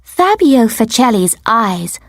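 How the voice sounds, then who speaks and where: A woman tells a first-person story for English learners at a very slow, deliberate pace. Her pitch moves expressively and sits slightly high. The recording is dry and close. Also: sing-song, no room sound. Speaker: audiobook narrator. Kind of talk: scripted narration for English learners.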